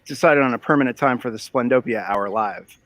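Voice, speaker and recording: A man's voice: mid-range voice, fairly bright tone. A man, a comic creator guest in a casual livestream chat, speaking hesitantly. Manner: hesitant, halting speech.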